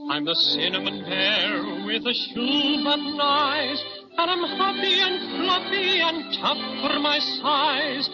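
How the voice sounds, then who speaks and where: A performer singing as a boastful male teddy bear in slow, sing-song rhymes, on a dull lo-fi recording. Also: medium pitch. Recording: dull lo-fi recording with loud music.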